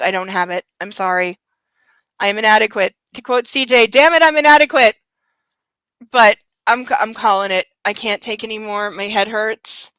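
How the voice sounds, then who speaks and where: A woman's voice: medium pitch, sharp tone, clear, resonant tone, dry recording, rough recording. A tired woman hosting a book club show in casual chat, rambling and candid, swearing freely.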